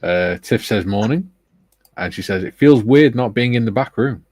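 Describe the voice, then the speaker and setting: A man's voice: on the low side, expressive, normal speed, a little mellow, dry recording. A man hosting a live panel, reading out the viewer chat and greeting each person in a jokey, chuckling way. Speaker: host. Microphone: video call.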